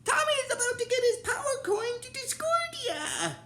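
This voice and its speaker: A man voicing a frantic male robot assistant in a TV show recap, with a panicky, high-pitched alarm. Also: very animated, normal speed, sharp tone, a little hiss or hum, full character voice.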